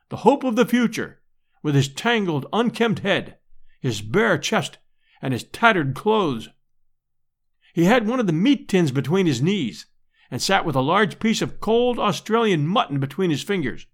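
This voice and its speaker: A man narrating a novel as an audiobook reader, in a measured, expressive storytelling manner. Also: a little high.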